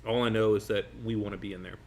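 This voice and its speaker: A man in his forties, a magician guest telling a long story over a meal in an animated, rambling way with laughs between phrases. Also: on the low side, fast talker. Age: 40s.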